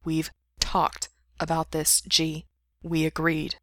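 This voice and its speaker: A woman voicing a guarded young man who speaks in a hushed, firm way, read aloud from a story. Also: sits low, completely flat delivery, takes it slowly, no room sound, clean studio sound.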